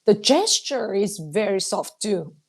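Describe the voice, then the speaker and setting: Slow-talking woman streamer. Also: medium pitch, darkish tone. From Japan. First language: Japanese. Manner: chatty, laughs often, clears throat a lot. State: dry throat. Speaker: livestreamer reading chat. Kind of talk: casual live-stream chat.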